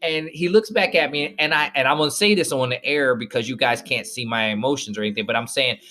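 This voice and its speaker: A man's voice: mid-range voice, quick pace, a crowd in the background. A man hosting a podcast, telling a personal story to listeners and acting out the voices of people in it. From northern United States. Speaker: podcast host.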